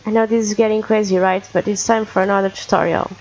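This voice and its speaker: A woman hosting a gaming video, giving quick, chatty and slightly halting commentary. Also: medium pitch, little pitch movement, darkish tone, muffled recording. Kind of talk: casual game commentary.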